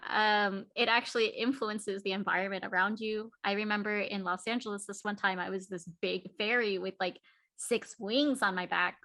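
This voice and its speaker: A woman chatting at home on a video call as an interview guest, telling lively stories and acting out what people said. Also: mid-range voice. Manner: animated storyteller, acts out quotes. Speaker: guest cosplayer. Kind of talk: casual interview chat.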